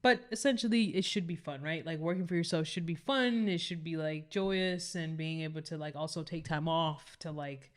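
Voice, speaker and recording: A woman's voice: sits low, moderate pace, hardly any pauses. A woman with a Spanish accent co-hosting a business podcast, talking easily with many fillers. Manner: easygoing, lots of "like" fillers. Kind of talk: casual podcast chat.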